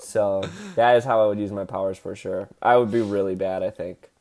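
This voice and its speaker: A man's voice: lowish voice, fairly even intonation, creaky, darkish tone. A man co-hosting a podcast in casual chat, jokey and rambling as he riffs on a topic. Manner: jokey, rambling, quick to riff. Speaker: podcast co-host.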